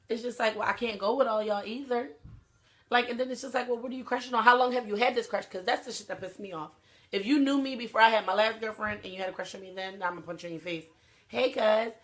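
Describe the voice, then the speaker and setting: Young adult woman, stream host, casual and blunt, lots of cursing, mid-pitched voice. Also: fairly bright tone. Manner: blunt, profane, talks straight to viewers. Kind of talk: casual talk to viewers.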